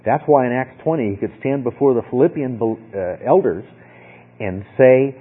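A man's voice: medium pitch, moderate pace, breathy edge. A man teaching a Bible lesson in a conversational way, often checking in with "okay?". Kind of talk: sermon. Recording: tinny phone-like sound.

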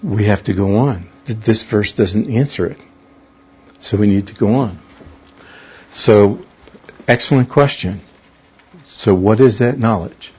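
A man's voice: lowish voice, a little slow, pauses often, breathy edge. A man teaching a verse-by-verse Bible study. He explains the meanings of words and puts questions to his class. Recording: dull lo-fi recording.

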